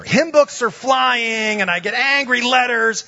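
A male pastor telling a lively, comic story during a sermon. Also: extremely high pitch, a little slow, lo-fi sound.

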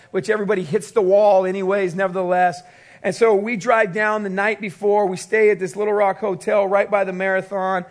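A man pastor preaching a sermon, telling a personal story with animated storytelling and quoted voices. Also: high-pitched, moderate pace.

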